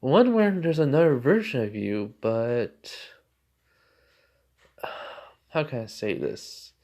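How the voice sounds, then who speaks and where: Guy reading as an old goddess lady, calm and offhand, kinda teasing. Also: medium pitch, takes it slowly.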